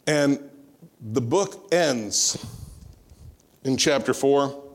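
A man preaching a sermon, retelling a scripture story in an animated, conversational way and acting out the voices. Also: mid-range voice, drawn-out words. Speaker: pastor.

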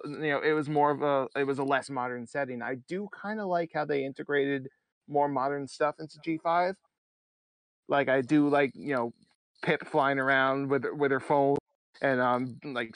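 A man's voice: mid-range voice, no echo. A man chatting casually as a podcast guest, laughing often and rambling with restarts. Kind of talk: casual chat.

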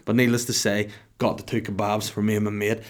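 A man's voice: fairly low pitch, little pitch movement, a little fast. A man in his thirties hosting a podcast, telling a rambling comic story in a jokey, self-mocking way. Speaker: podcast host.

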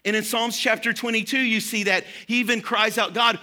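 A man's voice: sits high, level tone, a little fast, bright, forceful tone. A young adult man preaching an earnest, encouraging sermon to his congregation. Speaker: pastor.

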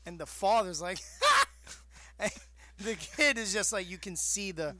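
A man's voice: sits high, measured pace, pushed and bright. Joking man co-hosting a chat. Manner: joking, teasing, echoes the other host. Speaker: co-host, pro wrestler. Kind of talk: casual chat.

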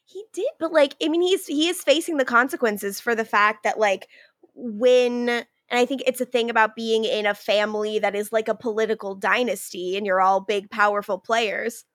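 High-pitched woman podcaster, animated recap chat, keeps doing the characters' lines, close dry mic. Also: normal speed, dry recording. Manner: animated, acts out characters' lines in quotes, laughs often. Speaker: podcast co-host. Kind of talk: casual chat recapping a TV episode.

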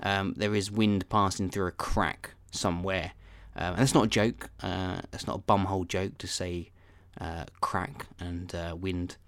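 A man with a lowish voice rambles through a solo podcast monologue. He wanders off-topic and pokes fun at himself. The sound is close and completely dry. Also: level tone, a little slow, few pauses, a bit bright, smooth, dry recording. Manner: meandering, self-deprecating, swears casually. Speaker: podcast host.

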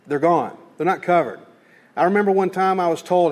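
A man's voice: high voice, expressive, fairly quick, breathy edge. A man preaching a sermon in a folksy, conversational way, acting out little dialogues. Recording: long hall reverb.

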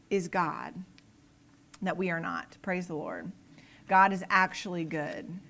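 A woman's voice: mid-range voice, pushed and bright. A woman giving an earnest Bible teaching on the Psalms, emphatic and fond of repeating her phrases.

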